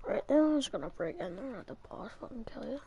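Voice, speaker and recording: Casting: woman gamer, high voice, excitable, sweary play-by-play. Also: quick pace, highs cut off, a little hiss or hum. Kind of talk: live gameplay chat.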